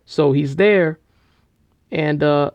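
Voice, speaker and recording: A man casually retelling a story, rambling with slang, fillers and restarts, and getting loud and animated at the big moments. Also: on the high side, very slow, no echo. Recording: dull lo-fi recording.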